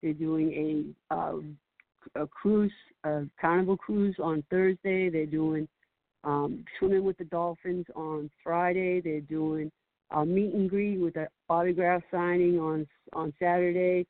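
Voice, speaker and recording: Animated woman telling stories over a phone line. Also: fairly low pitch, a little slow, no room sound. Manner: animated storyteller, laughs often, acts out quotes. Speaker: guest. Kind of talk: casual phone-in chat. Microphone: phone call. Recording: tinny phone line, dry.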